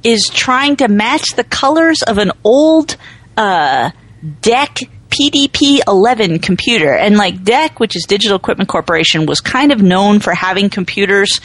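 A woman's voice: mid-range voice, expressive, moderate pace, dry recording. A woman from New England co-hosting a podcast, chatting breezily and trailing off with "blah, blah.". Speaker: podcast co-host. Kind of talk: casual chat.

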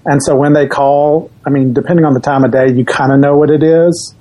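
A man guesting on a talk podcast, recounting anecdotes in an easygoing way. His voice sits slightly high for a man. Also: brisk. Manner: relaxed anecdotal storyteller. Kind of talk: casual chat.

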